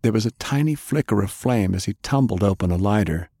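A man narrating a fantasy audiobook in a measured, even storytelling voice. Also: on the low side, breathy edge, no room sound, studio quality.

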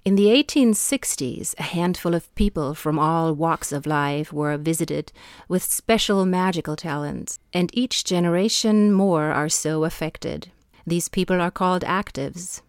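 A woman hosting a podcast, reading a scripted setup in a measured way. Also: on the low side, clean tone, no echo, studio quality. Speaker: podcast host. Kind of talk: scripted introduction.

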